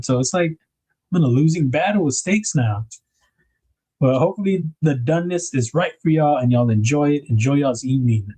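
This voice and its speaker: A man's voice: medium pitch, dark tone, husky. A man hosting a casual livestream, chatting to viewers, reading their comments aloud and laughing often. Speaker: livestream host.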